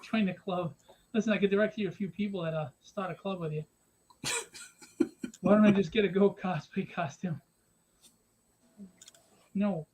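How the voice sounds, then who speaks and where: A man's voice: sits high, a little mellow, breathy edge. A man hosting a live stream from home in a casual, joking, teasing way. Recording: dull lo-fi stream audio with faint noise.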